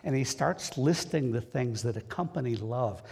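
Man, preacher, folksy sermon, husky gravelly voice, church reverb. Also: medium pitch, animated, normal speed, darkish tone. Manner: folksy, plain-spoken, talks directly to the congregation. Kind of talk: conversational sermon. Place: church sanctuary.

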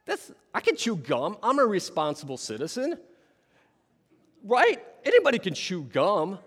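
A man telling a story to an audience in an animated way, often turning to ask the listeners questions. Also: high-pitched, a little slow, long reverb tail. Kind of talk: storytelling talk.

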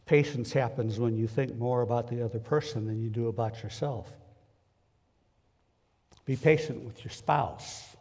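A man's voice: medium pitch, fairly even intonation, measured pace, creaky, long pauses, a little mellow, slightly rough, long reverb tail. A man giving a conversational sermon in a church, folksy and plain-spoken as he talks straight to the congregation. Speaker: preacher. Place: church sanctuary.

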